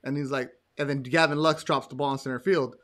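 A man chatting about baseball on a podcast, animated and quick to jump in with his own stories. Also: mid-range voice. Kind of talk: casual sports chat.

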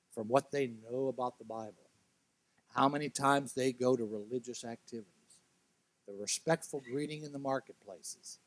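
A man preaching as a guest speaker at a church, telling a story with lively, animated delivery. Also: no echo. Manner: animated storytelling, acts out characters' quotes with big pitch jumps. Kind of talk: sermon.

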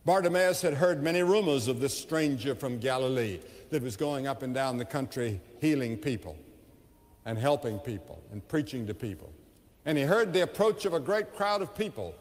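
A man evangelist preaching a sermon, telling the story with impassioned rises and hushed drops, recorded in a large evening crusade venue with long reverb. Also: mid-range voice, expressive, normal speed.

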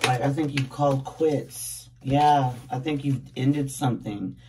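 Recorded from a distance against a noisy background, this woman's rumbling low voice moves a little slowly with fairly even intonation. Still groggy from waking, the tarot reader chats casually to her viewers on camera, laughing a lot and calling them babies.

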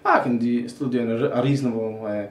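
A man who grew up in Scotland, with a faded Scottish accent, talking casually to camera and filling his pauses with many hesitations and restarts. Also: mid-range voice, fairly even intonation, recorded from a distance, highs cut off. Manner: halting, many "uh" fillers and restarts. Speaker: vlogger. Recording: echoey room with faint ambient noise.

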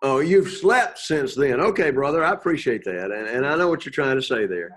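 A man teaching a Bible class to students, pausing often, repeating words and checking in with "okay?". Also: medium pitch, lively intonation. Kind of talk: classroom lecture with questions to students.

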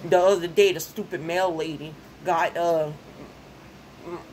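A woman's voice: on the low side, steady tone, unhurried, darkish tone, slight background noise, poor audio. A young woman, venting in a casual vlog. She rants, repeats phrases and gets herself worked up. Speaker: vlogger.

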